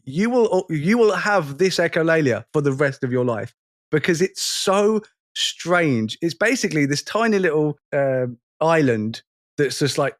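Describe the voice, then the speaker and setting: Guy co-hosting a chatty podcast, voice swoops all over, a bit high, keeps cracking himself up. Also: no room sound, studio quality. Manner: animated, laughs often, mimics show lines. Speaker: podcast co-host. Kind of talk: casual chat.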